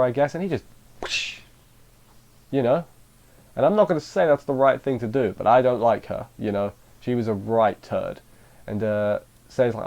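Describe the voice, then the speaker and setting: A man casually reviewing an anime episode, rambling, restarting sentences and paraphrasing the characters in quick asides. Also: medium pitch, dark tone.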